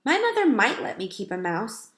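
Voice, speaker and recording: A woman's voice: fairly high pitch, huge pitch swings, moderate pace, fairly bright tone. Woman playing a skeptical young boy, raised voice, hesitant, storybook read-aloud, echoey room. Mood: doubtful. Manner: incredulous, hesitant. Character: curious young boy, doubtful then tempted. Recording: roomy echo.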